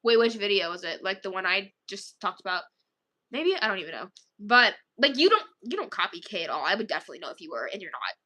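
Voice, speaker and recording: Bright-voiced woman chatting on a livestream. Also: mid-range voice, big pitch swings, fast. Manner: rambling, chatty, tired, sighing. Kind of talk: casual livestream chat.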